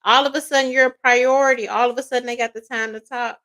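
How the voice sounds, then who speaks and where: A woman giving a casual tarot reading, loud, profane and laughing often, slipping into playful quoted voices. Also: a little high, steady tone, fast, noisy background. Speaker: tarot reader.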